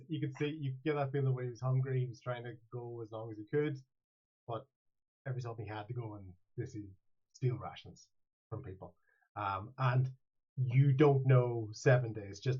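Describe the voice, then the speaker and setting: Acting as game master for a tabletop game, a man rambles playfully and keeps restarting his sentences. His medium-pitched voice is steady and fairly quick, heard through a dull, lo-fi mic.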